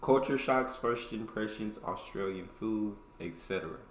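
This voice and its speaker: A man's voice: lowish voice, moderate pace. A man with an American accent hosting a reaction video, talking in casual, upbeat slang. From United States. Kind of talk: reaction commentary. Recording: roomy room, faint background noise.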